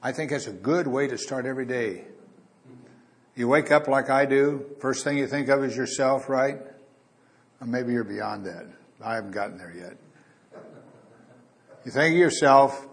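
A man's voice: mid-range voice, normal speed, pauses often. A man preaching a Bible teaching, talking casually to his listeners and reading scripture aloud with dramatic emphasis.

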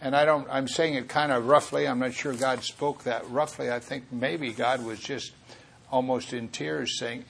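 A man's voice: mid-range voice, fairly even intonation, moderate pace, creaky, a bit bright, slight background noise. A man preaching a Bible teaching sermon, earnest and rambling, often correcting himself mid-thought.

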